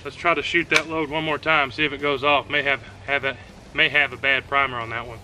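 A man's voice: mid-range voice, brisk, noisy background. A man hosting a casual outdoor shooting vlog, talking through his shots at a range. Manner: relaxed running commentary between shots. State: out of breath at times. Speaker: host of a shooting channel.

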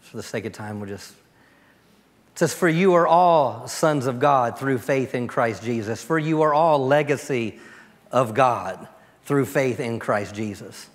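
A pastor giving a storytelling sermon, dropping to a soft, quiet voice when he prays. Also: medium pitch, a little slow. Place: church sanctuary. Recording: long church reverb.

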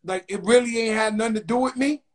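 A middle-aged man hosts a casual talk show. His voice sits unusually high for a man. He talks in loose, profane banter that is full of laughs. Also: fast. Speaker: host.

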